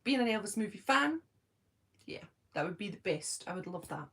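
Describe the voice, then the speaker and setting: A woman's voice: medium pitch, sing-song, normal speed, creaky, a bit bright. Chatty Scottish woman on a livestream. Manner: chatty, giggly, self-deprecating, lots of ums. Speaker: host of a fan live stream. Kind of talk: casual live-stream chat, reading comments.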